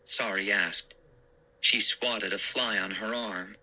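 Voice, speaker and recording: A man narrating a spooky story in a measured, dramatic reading. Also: lowish voice, fairly even intonation, sharp tone, poor audio.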